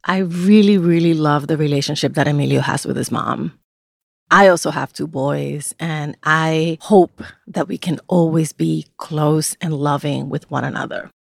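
A woman's voice: low voice, fairly even intonation, a little slow, vocal fry, no room sound, studio quality. An earnest woman giving a reflective comment as a podcast host.

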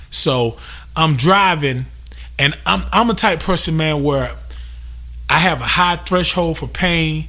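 A man's voice: a little high, sharp tone. A young man hosting a podcast, venting casually with loose, profane talk and lots of repetition for emphasis. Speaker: podcast host.

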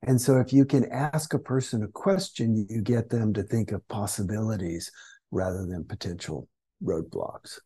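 A man's voice: lowish voice, moderate pace, mellow, breathy edge. A man who is a guest on a podcast interview, telling stories and acting out the voices of the people in them. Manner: storytelling that acts out quoted complainers. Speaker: guest author.

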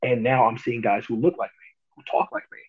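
A young adult man, a pro wrestler, telling stories in a casual interview, animated and quick to laugh. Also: medium pitch, breathy edge. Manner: animated, laughs often, acts out quotes. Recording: tinny phone-like line.

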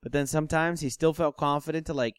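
Guy cohosting a sports chat, smooth clear voice, dry close mic, laid back and jokey. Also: a little high, fairly even intonation, quick pace, no echo. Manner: loose, joking, leads the questions. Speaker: podcast co-host.

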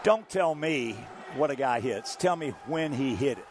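An older man, a former ballplayer, telling stories as an interview guest in an animated, chuckling way. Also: medium pitch, moderate pace, background noise. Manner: animated storyteller, chuckling through anecdotes. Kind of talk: anecdotal interview storytelling.

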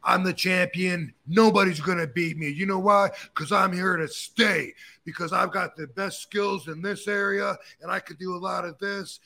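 A man's voice: sits high, steady tone, moderate pace, vocal fry, pushed and bright, voice pushed up, full character voice. A man putting on a cocky male pro wrestler boasting in a promo. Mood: boastful. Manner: boastful, emphatic.

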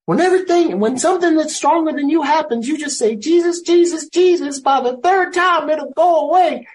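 A man putting on a high, soft old grandmother. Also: moderate pace, distant mic, a little hiss or hum, rough recording. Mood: earnest. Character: gentle old grandmother giving advice.

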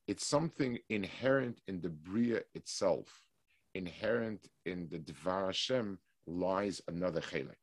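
A man teaching a weekly Torah class, explaining slowly with restarts and reading passages of Hebrew text quickly. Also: low voice, animated, no echo.

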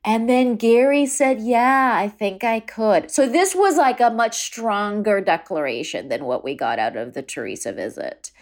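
A woman hosting a podcast, recapping a TV show in casual chat, chatty and quick to laugh, with plenty of fillers. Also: medium pitch, lively intonation, a little mellow. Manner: chatty, full of fillers and laughs, mimics quotes. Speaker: podcast host.

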